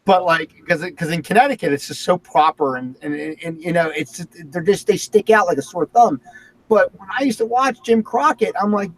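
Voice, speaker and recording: A man's voice: high-pitched, fairly quick, fairly bright tone. A man hosting a casual talk show, telling a story with lots of animation. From Philadelphia area. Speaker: host. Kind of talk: casual chat.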